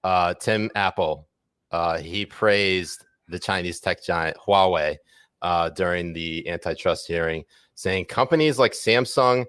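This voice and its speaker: A man's voice: deep voice, slow pace, fairly bright tone, clean tone, dry recording. A man co-hosting a podcast in casual, rambling chat with many fillers and jokes. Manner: rambling, lots of fillers, jokey. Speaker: podcast co-host.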